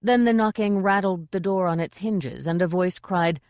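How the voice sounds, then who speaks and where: A woman's voice: fairly low pitch, normal speed, a little mellow, smooth, no echo, studio quality. A woman reading a fantasy novel aloud as audiobook narrator. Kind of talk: scripted narration.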